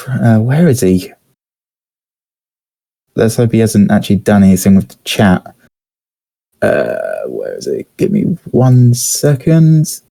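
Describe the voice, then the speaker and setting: A young British man hosting a podcast, telling a story in a rambling, hesitant way with many fillers and pauses. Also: lowish voice, mellow. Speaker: podcast host. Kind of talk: casual storytelling chat.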